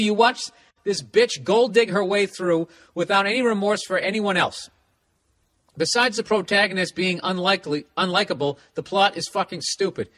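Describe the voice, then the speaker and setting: Profane, fired-up male podcast host. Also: a little high. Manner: profane, animated, reading listener letters aloud. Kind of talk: casual comedy podcast rant.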